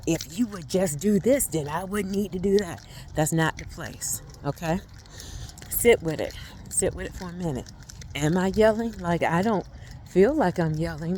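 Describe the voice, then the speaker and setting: A woman's voice: on the low side, darkish tone, a little hiss or hum. A middle-aged woman, a family life coach, giving a casual teaching talk. She speaks conversationally and often checks in with "right?".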